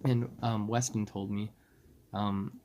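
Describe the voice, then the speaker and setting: Animated young man telling stories. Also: lowish voice, slow, a little hiss or hum. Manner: animated, laughing, quoting friends in raised voices. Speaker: podcast co-host. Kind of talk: casual storytelling.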